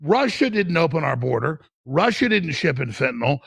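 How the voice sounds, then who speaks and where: A middle-aged man speaks with heated conviction, his voice rough with fry and a sharp, bright edge. He keeps tripping over his words and restarting as he pushes his point, sitting a little above the usual male pitch and recorded close and dry. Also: big pitch swings, moderate pace, no echo. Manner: fiery, stammering restarts. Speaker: guest. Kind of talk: impassioned political talk.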